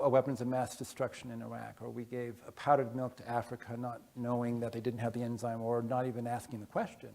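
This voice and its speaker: A man with a gravelly, creaky voice talks casually to a conference audience. He speaks haltingly, stopping often on fillers and restarting his sentences. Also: medium pitch, darkish tone. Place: conference room. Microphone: wearing headphones with a masking device.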